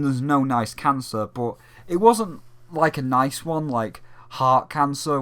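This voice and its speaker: A man's voice: medium pitch, clean tone. A young man ranting casually about a televised event, swearing often and breaking into mocking impressions of others. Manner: profane, animated, slips into mocking impressions. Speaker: gaming vlogger.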